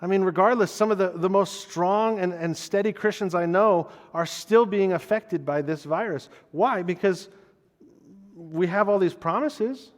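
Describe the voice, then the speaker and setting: This man preaches in a high voice and at a measured pace, with a long reverb tail trailing his words. His sermon is conversational, earnest and personal, and he frequently restarts thoughts by repeating words.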